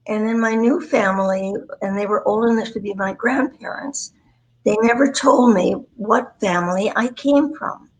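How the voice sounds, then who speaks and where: A woman's voice: mid-range voice, normal speed, rough recording. A woman in her nineties telling rambling, self-deprecating stories from her career as a guest on a livestream. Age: 90s. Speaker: guest, voice actress. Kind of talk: storytelling interview. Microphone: remote livestream call.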